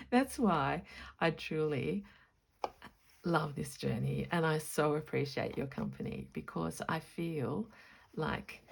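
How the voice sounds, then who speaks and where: Woman vlogger, gravelly and unhurried, chatty and excitable show-and-tell. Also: low voice, slight background noise. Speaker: stitching vlogger. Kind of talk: casual show-and-tell vlog.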